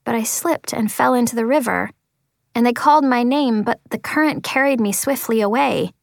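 A woman narrating a first-person story as an audiobook, expressive, slowing and softening at tense moments. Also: a little high, gravelly, no echo, clean studio sound. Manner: expressive, slows for tense moments, drops to quiet tones.

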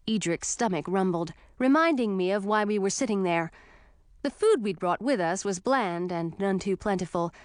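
A woman narrating a first-person fantasy audiobook in a clear, expressive storytelling voice. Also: lowish voice, dry recording, clean studio sound.

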